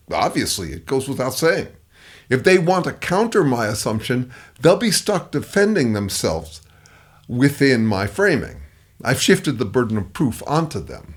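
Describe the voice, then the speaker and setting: A man's voice: mid-range voice, huge pitch swings, moderate pace. A middle-aged man giving scripted advice commentary, emphatic and acting out the replies he quotes. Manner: emphatic, acts out quoted replies in shifting voices. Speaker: consultant on dealing with difficult people.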